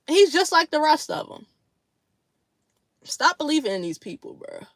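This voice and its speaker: A woman's voice: high-pitched, sing-song, takes it slowly, pauses often, a bit bright, no echo. A woman hosting a casual livestream chat with her viewers, blunt, slangy and profane, laughing often between remarks. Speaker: livestream host.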